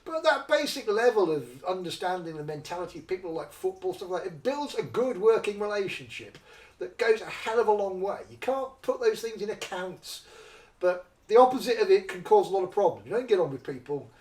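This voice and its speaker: A man tells his stories at a quick clip, his voice pitched high and swinging widely as he acts out other people's lines. He sits a little back from the mic, and the room adds a clear echo. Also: recorded from a distance. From North East England. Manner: animated, acts out quoted voices. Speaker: guest. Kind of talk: conversational storytelling. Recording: roomy echo, somewhat off-mic.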